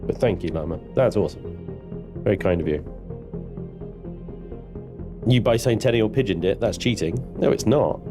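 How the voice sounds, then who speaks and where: A male streamer talks through his game live, joking and swearing with his chat. His voice sits on the low side. Soft music plays quietly underneath. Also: expressive, moderate pace, long pauses. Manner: chatty, swearing, banters with chat. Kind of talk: live gameplay commentary.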